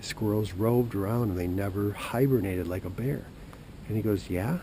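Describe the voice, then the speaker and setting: Man, low voice, rambling outdoor storyteller, noisy creekside recording. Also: moderate pace. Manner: whispers at times, then grows loud and animated retelling a phone call. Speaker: outdoor show host.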